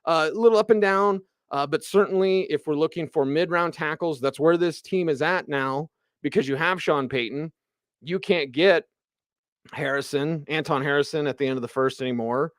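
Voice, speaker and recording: A man hosting sports radio, ranting in an animated, emphatic way about football. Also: fairly high pitch, normal speed, no room sound, studio quality.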